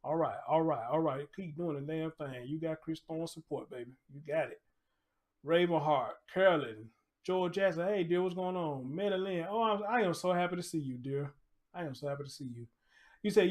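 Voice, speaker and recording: A man's voice: a little high, normal speed, darkish tone. A man hosting a casual livestream, blunt and laid-back, chatting in slang and reading out viewers' names. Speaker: YouTube livestream host.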